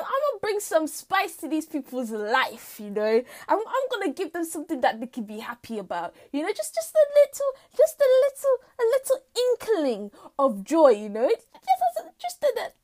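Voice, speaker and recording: A woman voicing the month June as an eager young man, talking in a high, keen, pleading voice. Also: huge pitch swings, moderate pace, hardly any pauses. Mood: hopeful. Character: hopeful male month June, eager to please.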